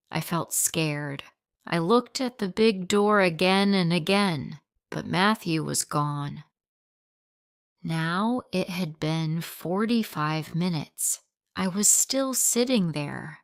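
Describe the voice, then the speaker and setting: Slow, clear woman reading a simple story. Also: fairly low pitch, no room sound, studio quality. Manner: very simple, short sentences, read slowly. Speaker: storyteller for English learners. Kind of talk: first-person scripted narration for learners.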